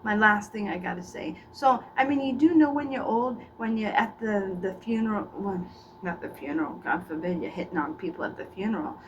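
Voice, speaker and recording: A woman's voice: medium pitch, fairly quick, dull audio. A middle-aged woman doing a rambling, gossipy comedic character monologue, often stumbling into stammered restarts. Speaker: comedian playing a faded former child actor. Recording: distant mic with faint background noise.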